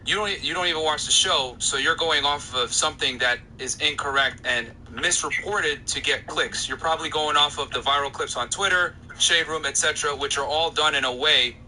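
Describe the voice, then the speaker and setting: A man's voice: a little high, moderate pace, hardly any pauses, bright, forceful tone, a little hiss or hum, poor audio. A young man hosting a podcast, arguing insistently with a caller and pushing back when cut off. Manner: insistent, talks over interruptions. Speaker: podcast host. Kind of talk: heated podcast argument with a caller.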